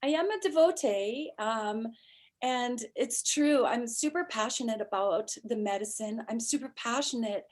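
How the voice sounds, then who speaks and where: A woman hosting a spiritual podcast in an unhurried, heartfelt chat, her voice dropping now and then to a near-whisper. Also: on the high side. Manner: soft, slow, heartfelt, drifting into near-whispers. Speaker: podcast host and ayahuasca facilitator.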